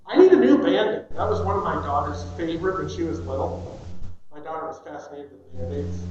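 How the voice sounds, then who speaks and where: A middle-aged pastor delivering an animated sermon, acting out children's whiny excuses. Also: male voice, fairly high pitch. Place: church sanctuary. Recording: echoey church sanctuary, dull sound.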